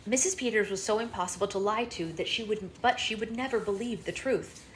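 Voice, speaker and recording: A young adult woman reading aloud on a live book club stream, gentle and soothing, at home. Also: mid-range voice, a little fast. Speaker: livestream book club reader. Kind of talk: live read-aloud and chat. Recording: roomy echo with faint hum.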